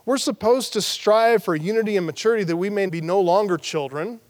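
A man's voice: sits high, brisk, big-room sound. A man preaching an expository sermon as pastor, emphatic and repeating his key phrases.

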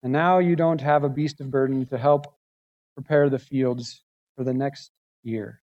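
A man's voice: mid-range voice, fairly even intonation, a little slow, darkish tone, lo-fi sound. A male pastor preaching a sermon, emphatic and building intensity through lists and rhetorical questions.

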